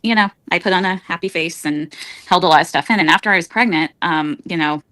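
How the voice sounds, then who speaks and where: A woman's voice: fairly low pitch, fast talker, bright, forceful tone, dry recording. A woman being interviewed on a stream, telling her story hesitantly and searching for words. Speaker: interview guest.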